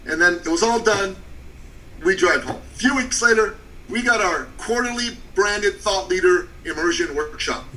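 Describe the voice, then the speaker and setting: Male business coach, punchy and animated storytelling, somewhat high voice, distant mic. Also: normal speed, a little hiss or hum. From Canada. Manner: animated storyteller, short punchy phrases, drops to a hushed tone for emotional parts. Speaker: business coach and podcast guest. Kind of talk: storytelling on a podcast.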